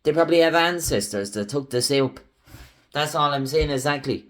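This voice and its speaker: A man's voice: a little high, moderate pace. Heated ranting Irish man. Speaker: channel host. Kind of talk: political commentary monologue.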